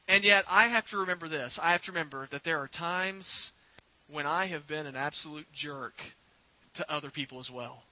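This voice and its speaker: Pastor preaching, folksy and earnest, kinda high voice, dry muffled audio. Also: male voice, normal speed, no room sound. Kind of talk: sermon. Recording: dry, slightly dull recording.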